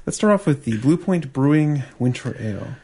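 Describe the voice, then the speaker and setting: A man's voice: medium pitch, animated, brisk, vocal fry, warm tone, breathy edge. A man co-hosting a podcast, talking about beer in a casual, easygoing way that rambles with fillers. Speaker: podcast co-host. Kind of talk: casual beer-tasting chat.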